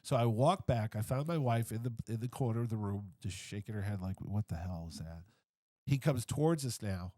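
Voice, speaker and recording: A man's voice: mid-range voice, brisk, hardly any pauses, no echo. A middle-aged man as a podcast guest, telling a story casually and acting out the voices of everyone in it. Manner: animated, acts out everyone's voices. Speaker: comic convention founder, podcast guest.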